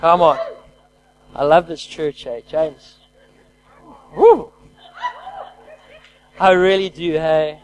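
A man preaching a lively sermon who calls out to his congregation and swings between loud exclamations and quiet, hushed lines. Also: a little high, unhurried, a little hiss or hum, poor audio. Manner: energetic call-and-response preaching.

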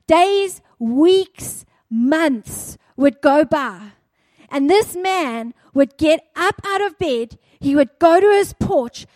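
A woman delivers a sermon in a very high voice, drawing her words out slowly. She tells the story with dramatic intensity and acts out the characters' cries. Her voice sounds dry and close. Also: darkish tone, dry recording. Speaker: preacher.

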